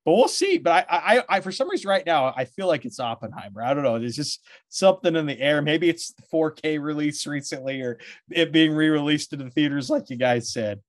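A man's voice: a little high, animated, brisk, no room sound, studio quality. A man chatting on a podcast, thinking aloud in a hesitant way with many "you know"s. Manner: thoughtful, hesitant with fillers. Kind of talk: casual podcast chat.

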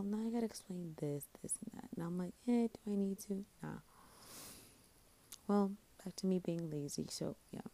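A woman's voice: deep voice, dark tone. Sleepy, rambling young woman podcaster. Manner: scatterbrained, sleepy, self-mocking, swears casually. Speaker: podcast host. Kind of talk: rambling solo podcast chat.

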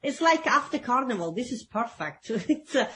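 A woman's voice: a little high, big pitch swings, moderate pace, crowd noise. A woman from Italy with an Italian accent, co-hosting a radio show in a bubbly, laughing way with eager questions. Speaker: radio co-host. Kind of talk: casual radio chat.

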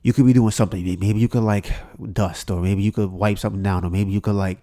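A man's voice: on the low side, steady tone, fast talker, mellow. A man talking alone on his podcast, loose and rambling with many fillers and restarts, swearing freely and acting out old phone calls in quoted voices. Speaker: podcast host. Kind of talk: solo podcast monologue.

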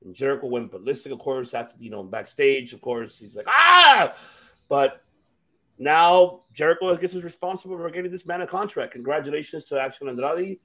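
A man co-hosting a casual wrestling podcast, talking in an animated, excitable way and swearing freely. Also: fairly high pitch, brisk. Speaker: podcast co-host.

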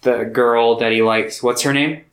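Man, laid-back podcast co-host, mid pitch, retells scenes, echoey room. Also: measured pace. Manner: relaxed, agreeable, retells scenes with fillers. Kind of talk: casual film podcast chat.

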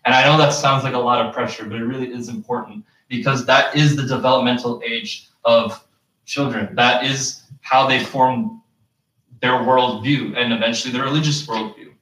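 A man's voice: mid-range voice, steady tone, normal speed, pushed and bright. Young man, sermon, earnest, rhetorical questions, distant mic, echoey hall. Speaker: Friday sermon speaker.

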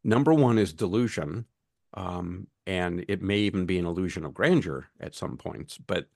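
Low male podcast co-host, close dry mic, blunt anecdotes, plays out the voices of others. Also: moderate pace, darkish tone, no room sound. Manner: storytelling, acts out others' lines with swearing. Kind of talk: casual chat.

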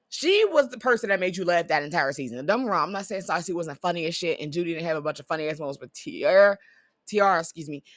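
A woman's voice: on the low side, no echo, studio quality. A woman chatting casually about reality TV, blunt and profane, ranting with lots of energy. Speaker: vlogger.

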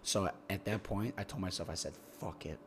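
A man's voice: deep voice, brisk, slight background noise. A young man telling a long, rambling, profane story in casual podcast chat, often repeating words as he gets going. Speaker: podcast guest.

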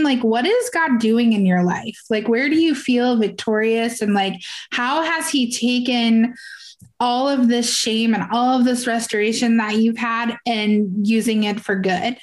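A woman hosting a casual interview, asking affirming questions. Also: a little high. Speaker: podcast host.

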